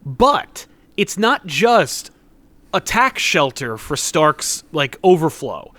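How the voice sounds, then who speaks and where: A man's voice: a little high, very animated, takes it slowly, pushed and bright, no room sound. A young man co-hosting a casual podcast, rambling through theories with lots of fillers. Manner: rambling, acts out characters. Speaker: podcast co-host. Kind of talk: casual comic-book chat.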